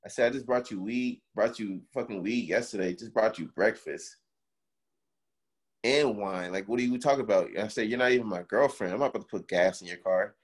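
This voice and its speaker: A man's voice: fairly low pitch, a little fast, breathy edge. A young man in casual chat, animatedly telling a story, swearing and acting out the quotes.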